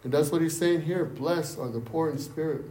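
A man's voice: fairly high pitch, moderate pace, warm tone, echoey room. A man preaching an interactive sermon, repeating key words for emphasis and asking his group questions. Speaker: preacher leading a Bible study.

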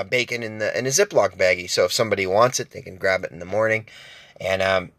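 A man with a lowish, fairly bright voice, recorded with no room sound, hosts his own podcast. In a casual monologue, he tells a rambling, profane story full of restarts and asides.

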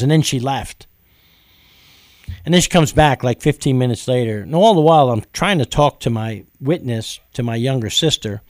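A man from New York preaching, telling a personal testimony in an earnest, storytelling way with frequent pauses and fillers. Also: mid-range voice, expressive, no echo, studio quality. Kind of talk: testimony sermon.

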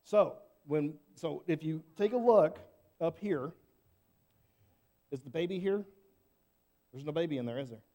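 A man telling a Bible story to children in church, casual and animated, often asking questions. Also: a little high, a little slow, pauses often.

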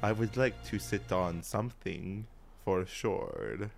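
A man doing a slow, seductive vampire with a gravelly voice. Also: low-pitched, very animated, faint music behind, heavily acted. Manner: slow, drawn-out and sultry.

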